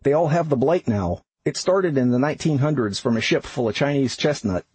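A man voicing a practical retired older man with a Minnesota accent who speaks slowly and enunciates carefully. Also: medium pitch, expressive, a little mellow, breathy edge, no echo. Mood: explaining.

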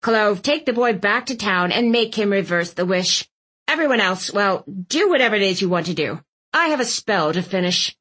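A woman's voice: medium pitch, lively intonation, moderate pace, a bit bright, breathy edge. A woman voicing a bossy, blunt elderly aunt who barks her words with scorn. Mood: scornful. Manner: barking, scornful.

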